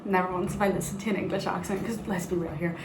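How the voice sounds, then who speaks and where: A woman's voice: on the low side, fairly even intonation, quick pace. A young woman from Northern Ireland with a Northern Irish accent, chatting casually and giggly in a vlog, swearing freely. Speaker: book vlogger. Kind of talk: casual chat to camera. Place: bathroom at night. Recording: echoey room with background noise.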